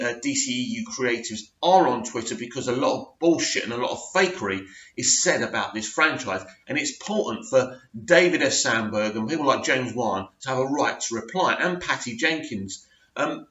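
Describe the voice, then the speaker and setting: A man's voice: mid-range voice, bright, forceful tone. A man hosting a fan news show, giving opinionated commentary and reading posts aloud. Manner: opinionated, emphatic, reads tweets aloud. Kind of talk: casual commentary to camera. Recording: echoey room, slightly dull sound.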